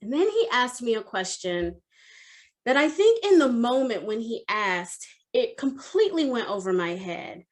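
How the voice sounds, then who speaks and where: A woman in her forties with a somewhat high voice tells a personal story as a coach. She talks in an expressive, animated way, with frequent fillers. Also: a little slow. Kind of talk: storytelling talk at an online summit.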